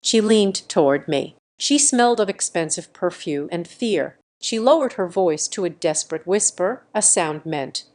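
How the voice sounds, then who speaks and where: A woman reading a first-person revenge story aloud in a measured, deliberate scripted narration. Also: on the low side, expressive, darkish tone.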